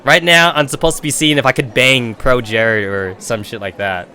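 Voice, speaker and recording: A man's voice: medium pitch, steady tone, moderate pace, bright, forceful tone. A young adult man streaming a game and telling a rambling, profane story in a casual way.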